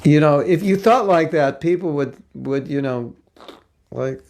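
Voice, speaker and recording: A man's voice: fairly high pitch, measured pace, a little mellow. A man giving a spiritual lecture class in a conversational way, asking rhetorical questions and acting out quotes. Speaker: spiritual teacher.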